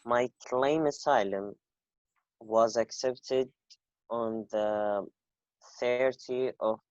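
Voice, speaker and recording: Slow, measured man on dull lo-fi audio. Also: mid-range voice, steady tone, a little mellow. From Saudi Arabia. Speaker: panel guest. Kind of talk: recounting personal experience.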